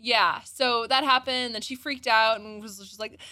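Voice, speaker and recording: A woman's voice: fairly high pitch, fairly even intonation, moderate pace, bright, forceful tone, no echo, studio quality. A woman co-hosting a casual anime review podcast, rambling with lots of "like" and acted-out reactions. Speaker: podcast co-host.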